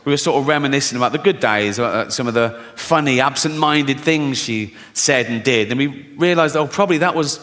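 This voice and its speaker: Bright-voiced man doing stand-up in a hall. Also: mid-range voice, brisk, few pauses. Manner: conversational storytelling, swearing, acting out quoted voices. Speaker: stand-up comedian. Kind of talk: stand-up comedy routine. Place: large theatre with audience. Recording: live stage mic in reverberant hall. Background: audience laughter.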